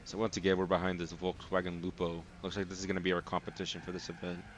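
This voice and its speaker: A young man with a very deep, low voice talks loosely over a racing game, drifting between the race and everyday chatter. He sounds sleepy and easygoing, full of filler words. A faint hiss sits under the recording. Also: fast talker. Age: young adult. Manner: rambling, relaxed, many fillers. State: sleepy, yawning. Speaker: let's play host. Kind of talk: casual gameplay commentary.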